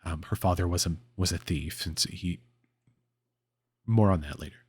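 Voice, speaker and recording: Low voiced guy with a husky voice, rambling comic recap, lots of ums and laughs. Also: a little fast. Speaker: podcast host. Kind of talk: casual comic-book recap.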